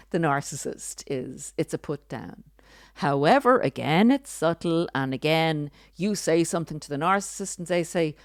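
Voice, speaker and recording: A woman hosting a podcast, speaking in earnest, deliberate commentary with occasional dry sarcasm. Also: low-pitched, no echo. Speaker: podcast host.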